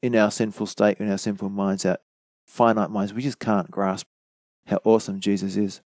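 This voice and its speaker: A man's voice: on the low side, flat delivery, moderate pace, a little mellow, no echo. A man giving a conversational bible study sermon, explaining verse by verse with casual asides. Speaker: bible teacher.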